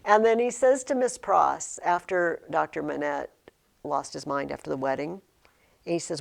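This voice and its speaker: A woman teaching a high school literature class, asking questions and acting out lines from the book. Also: moderate pace, creaky. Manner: animated, asks questions, acts out quotes.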